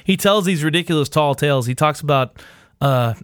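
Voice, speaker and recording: A man's voice: a little high, a little fast, clear, resonant tone, dry recording, studio quality. A man hosting a podcast in casual chat, loose and profane, with lots of filler uhs. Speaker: podcast host.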